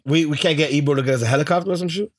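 A man's voice: fairly high pitch, racing, dry recording, studio quality. A man co-hosting a podcast in casual chat, laid-back and teasing, laughing often. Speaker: podcast co-host.

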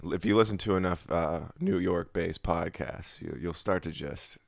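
A man's voice: sits low, normal speed, vocal fry, dry recording. A man co-hosting a podcast with dry, sarcastic remarks. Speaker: podcast co-host. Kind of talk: casual chat.

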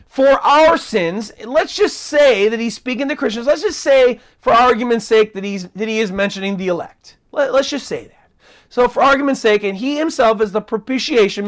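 A woman preaching a fervent sermon, stressing words and drawing them out. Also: fairly high pitch. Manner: fervent, emphatic, drawn-out stresses.

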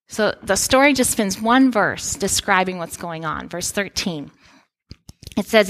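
Woman in her thirties preaching, chatty storyteller, average pitch. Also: expressive, measured pace, fairly bright tone. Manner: conversational storytelling with playful asides. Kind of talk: sermon.

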